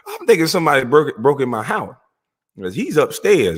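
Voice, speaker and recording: A middle-aged man telling a comic story about his family, profane and animated, laughing often. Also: medium pitch, brisk, breathy edge. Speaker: vlogger. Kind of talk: comedic storytelling monologue. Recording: long echoey reverb.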